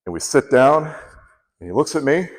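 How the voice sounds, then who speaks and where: This man is a contest speaker telling a humorous story, unhurried and at medium pitch, yet animated as he acts out the people he quotes. The recording has a long hall reverb.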